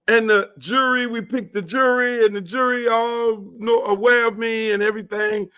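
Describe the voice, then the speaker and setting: A man hosting his show, telling a story in a casual, animated, profane way. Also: high-pitched, moderate pace, clear, resonant tone. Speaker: show host.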